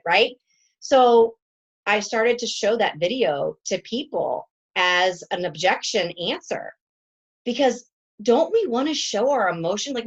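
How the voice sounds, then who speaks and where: A woman's voice: mid-range voice, muffled recording. A woman in her forties, a team coach giving a chatty, emotional motivational talk, laughing often. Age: 40s.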